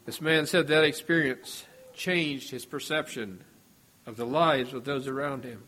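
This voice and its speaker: A male preacher delivering a sermon at a middle pitch. He speaks in a measured, earnest way, letting his voice fall quietly at the end of each thought. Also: steady tone. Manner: measured and earnest, voice dropping at phrase ends.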